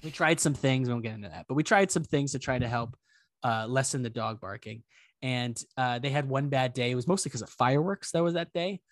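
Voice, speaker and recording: A man's voice: mid-range voice, fairly quick, no room sound, clean studio sound. A young man co-hosting a podcast, telling a story in casual chat, acting out the people in it. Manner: animated, acts out quoted voices, swears casually. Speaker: podcast co-host.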